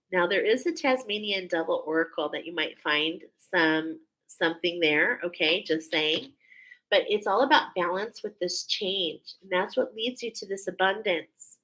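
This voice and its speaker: Bright-voiced woman giving an earnest card reading. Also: medium pitch, rough recording. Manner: earnest, repeats phrases, many pauses and fillers. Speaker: spiritual card reader. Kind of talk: intuitive oracle card reading to camera.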